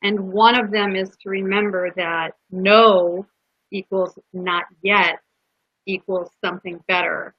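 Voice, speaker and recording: A woman's voice: medium pitch, fairly even intonation, unhurried, no room sound. A woman guest on a podcast, earnestly telling a personal story in a heartfelt way, with restarts. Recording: dull lo-fi podcast audio.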